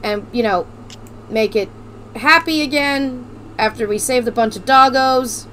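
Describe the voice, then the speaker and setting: Loud, joking woman streamer. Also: on the high side, unhurried, a little hiss or hum. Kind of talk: casual gameplay stream chat. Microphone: desk mic off to the side.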